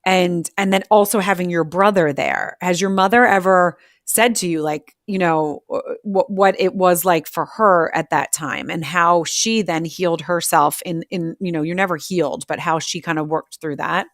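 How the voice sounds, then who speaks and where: A middle-aged woman hosting an interview, telling family stories in a lively way and acting out what her children said. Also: lowish voice, normal speed, few pauses, no room sound, clean studio sound. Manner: animated, acts out family quotes. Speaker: podcast host. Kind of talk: conversational interview.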